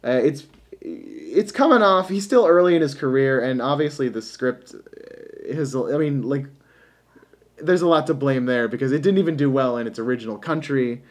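A man co-hosting a podcast, chatting casually about a movie, animated and jokey, laughing often. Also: medium pitch, normal speed. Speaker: podcast co-host. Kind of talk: casual movie review chat.

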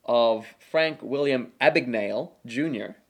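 A man's voice: medium pitch, a little slow. A man from Australia with a partly Americanized Australian accent, chatting wryly as a podcast guest. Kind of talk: casual chat.

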